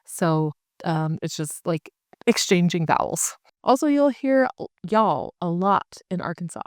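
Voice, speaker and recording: A woman's voice: on the low side, expressive, a little slow, dry recording, clean studio sound. A woman from Eastern Oklahoma with a light Oklahoma accent, explaining a topic to camera in a chatty way, with casual asides and fillers. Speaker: real estate agent and channel host.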